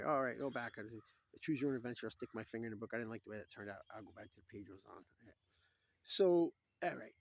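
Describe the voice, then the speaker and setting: A middle-aged man telling rambling stories in a preachy monologue, swinging from loud to quiet. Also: fairly low pitch, fairly quick, vocal fry, slightly rough. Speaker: speaker.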